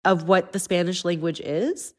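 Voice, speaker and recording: Brief: woman host, 30s, lowish voice, earnest, personal. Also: steady tone, normal speed, a little mellow. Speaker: podcast host. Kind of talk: conversational interview.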